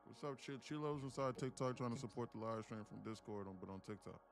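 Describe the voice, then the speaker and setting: A day trader hosts a casual livestream, greeting viewers by name, laughing easily, and swearing freely. His voice is medium-pitched and quick, with music playing in the background.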